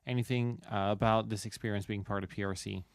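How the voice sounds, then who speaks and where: A man's voice: fairly low pitch, steady tone, quick pace, gravelly, no echo, clean studio sound. A man hosting a podcast, interviewing a guest and asking loose, rambling questions with fillers. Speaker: podcast host.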